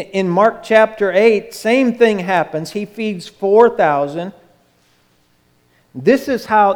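A pastor preaching in a church, his voice sitting high for a man and ringing out with a long reverb around the hall. He tells the story in an animated way, stepping into the voices of the people in it as he goes. The room's echo trails after each phrase. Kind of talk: sermon.

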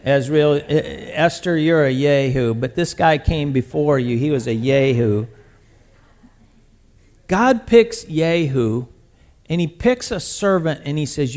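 A man preaching a sermon, retelling a scripture story in a lively, conversational way with sudden loud bursts. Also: mid-range voice. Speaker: pastor.

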